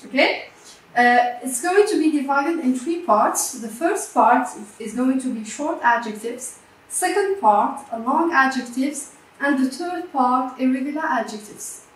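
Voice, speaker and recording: A woman teaching a grammar lesson in English, slow and patient, repeating words and checking with her students. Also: high voice, animated. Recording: echoey room from a distance.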